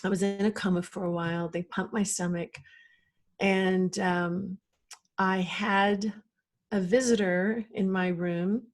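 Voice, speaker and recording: A woman's voice: mid-range voice, steady tone, takes it slowly. A middle-aged woman, a podcast guest, telling a personal story in an earnest, emotional way.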